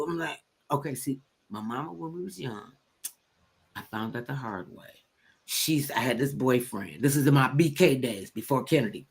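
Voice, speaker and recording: An older woman hosting a talk show, telling stories in blunt, animated casual chat and acting out quotes. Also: low-pitched, normal speed.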